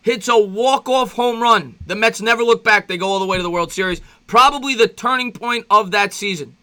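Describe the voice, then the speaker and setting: A fan play-by-play host with a high, bright, ringing voice calls the game pitch by pitch, amateur-broadcaster style, talking fast. Between plays he rambles in loose asides, greets his viewers and gets worked up. He's excitable, and his voice leaps up when he reminisces or gets excited.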